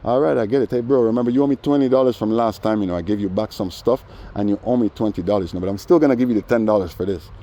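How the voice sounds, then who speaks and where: A man's voice: on the low side, very fast, hardly any pauses. A man telling a heated street story in a casual rant, acting out what other people said to him. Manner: animated, acts out other people's lines. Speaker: vlogger.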